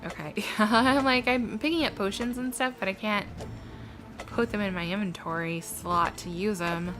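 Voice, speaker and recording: A woman's voice: medium pitch, normal speed, over music. A woman giving chatty, giggly commentary while playing a video game. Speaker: let's play gamer.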